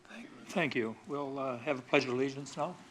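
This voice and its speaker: A man's voice: mid-range voice, fairly even intonation, fairly bright tone, a little hiss or hum. Man chairing a county board meeting. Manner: brief, halting announcements. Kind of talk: procedural announcements.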